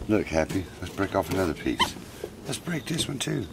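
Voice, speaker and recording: A man with a very low, deep voice talks fondly to his pet monkeys. His manner is coaxing and doting. He is recorded outdoors, with clear noise in the background. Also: big pitch swings, normal speed. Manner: doting, coaxing, talks to the animals, chuckles often. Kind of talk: casual narration to camera. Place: outdoors at a picnic.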